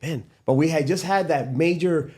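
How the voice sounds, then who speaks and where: A middle-aged man, a podcast guest and father, telling a story in a casual, animated way and acting out the dialogue. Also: a little high, normal speed. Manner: animated, acts out quoted dialogue, laughs often.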